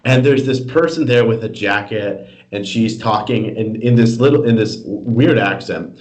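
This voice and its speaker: A man co-hosting a podcast in casual political chat, animated and mocking, with halting restarts. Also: medium pitch, poor audio. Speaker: podcast co-host.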